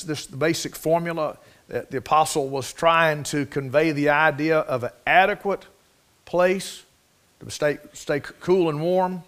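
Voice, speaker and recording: A middle-aged preacher with a slightly high voice, telling homespun stories from the pulpit. His sermon is folksy and conversational, full of plain rural speech. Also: fairly bright tone.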